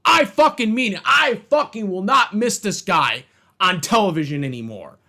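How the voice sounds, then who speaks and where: A man with a rather high voice delivers a heated, profanity-laced rant. He keeps circling back to the same complaints, stressing each with blunt, repetitive outbursts. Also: expressive, moderate pace, vocal fry, bright, forceful tone. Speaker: wrestling commentator ranting on his channel. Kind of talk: angry rant.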